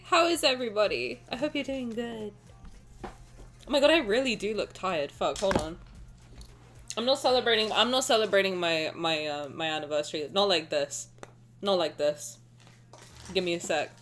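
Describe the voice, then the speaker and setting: A woman's voice: medium pitch, normal speed, a bit bright. A woman streamer in casual live-stream chat, talking in a frantic, rambling, self-mocking way.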